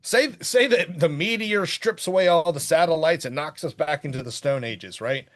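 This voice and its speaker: A middle-aged man co-hosting a podcast, chatting casually about a film in a rambling, animated way. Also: a little high, normal speed. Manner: rambling, animated, bursts into quoted voices. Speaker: podcast co-host. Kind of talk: casual movie review chat.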